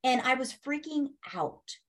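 Animated woman telling a story. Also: sits high, unhurried. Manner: animated, acts out quoted speech, laughs, swears. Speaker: guest. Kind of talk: casual interview storytelling.

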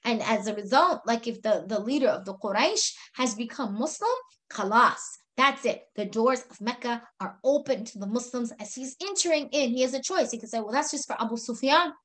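A woman's voice: on the high side, normal speed, a bit bright. A woman giving an earnest religious history lecture, telling the story with frequent "right?" checks and Arabic phrases. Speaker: religious teacher.

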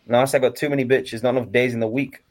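A man chatting with strangers on a video call, amused and quick with comebacks. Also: medium pitch, fairly even intonation, darkish tone. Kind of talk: casual chat.

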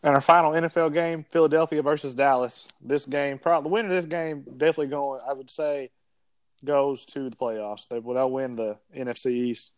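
A man hosting a casual sports chat, running through the games with quick jokes. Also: mid-range voice, fairly even intonation, no room sound. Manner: quick, joking, runs the segment.

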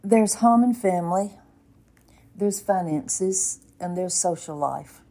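A woman's voice: mid-range voice, warm tone. A woman in her eighties teaching a Bible lesson in an earnest, folksy way, with exclamations and stern warnings. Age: 80s.

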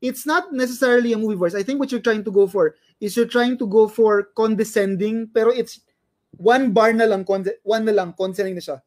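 A man with a Filipino accent, a comedian, explaining his views carefully in a relaxed chat, mixing Tagalog and English and often restarting sentences. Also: high-pitched, a little fast. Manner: analytical, explains carefully, stumbles over words. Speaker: stand-up comedian and IT worker, guest.

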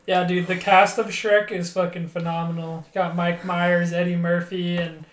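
A man's voice: sits high, little pitch movement, moderate pace. A young man co-hosting a casual chat, laid-back and enthusiastic, who swears freely. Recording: echoey room, faint noise.

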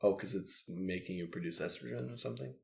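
A man's voice: deep voice, fast, gravelly, a little mellow. A man co-hosting a casual chat, bantering, swearing freely and laughing along.

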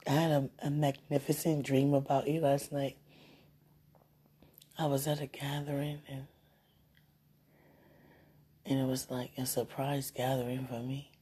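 Woman, low husky voice, slow and tender, phone right at her mouth. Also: flat delivery, mellow. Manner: tender, sweet-talking, teasing. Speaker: partner leaving a voice message. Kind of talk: intimate phone message. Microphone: phone held close to the mouth.

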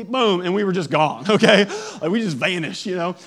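A man's voice: sits high, fast, hardly any pauses. A man in his thirties, a pastor, giving a sermon and telling a funny family story with laughter. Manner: lively storytelling, laughs often, acts out voices.

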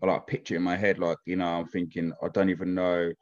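A man's voice: deep voice, flat delivery, fast, darkish tone. A man in casual chat, rambling and often asking "do you know what I mean". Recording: dull lo-fi sound.

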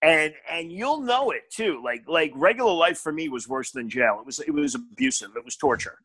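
A man's voice: fairly high pitch, lively intonation, normal speed, a bit bright, breathy edge. An older man, a comedian on a podcast, telling stories bluntly with lots of swearing and emphasis. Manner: blunt, profane, emphatic storytelling. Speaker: stand-up comedian, podcast guest. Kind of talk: casual podcast chat.

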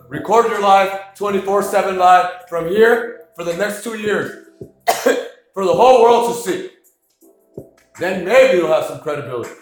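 A man's voice: sits high, slow, pauses often, soft background music. Man ranting on a roomy live stream. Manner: agitated, profane, erratic ranting. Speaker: livestream podcaster. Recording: roomy echo.

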